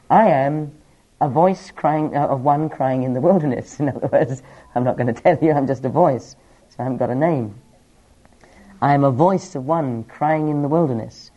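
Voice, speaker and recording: A man's voice: a little high, warm tone. Man teaching a Bible passage. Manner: explanatory, with small laughs and asides.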